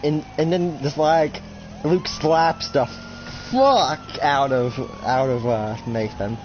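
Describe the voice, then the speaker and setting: A young man narrating an improvised roleplay in a rambling, casual way, swearing freely and jumping into quick voices. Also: on the high side, highs cut off, a little hiss or hum.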